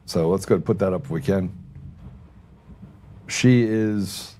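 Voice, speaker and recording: A man's voice: deep voice, unhurried, mellow. A man hosting a political talk show, casual and rambling, often sarcastic, repeating his words as he goes. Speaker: podcast host.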